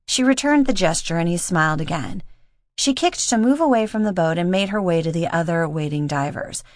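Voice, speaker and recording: A woman narrating an audiobook in a steady, measured reading voice. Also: fairly low pitch, no echo, clean studio sound. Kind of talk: scripted narration.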